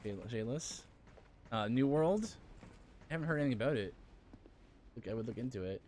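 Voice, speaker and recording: A man's voice: mid-range voice, expressive, brisk, darkish tone, a little hiss or hum. A man streaming a video game live, chatting casually and answering viewers' messages as he plays. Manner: chatty, reads and answers viewer chat, frequent fillers. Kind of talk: casual live-stream chat while playing.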